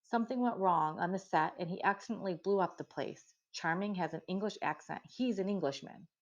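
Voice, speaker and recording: A woman voicing a skeptical, sharp-tongued young girl who talks bluntly and dismissively. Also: on the low side, fairly quick. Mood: scoffing. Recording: dull lo-fi recording.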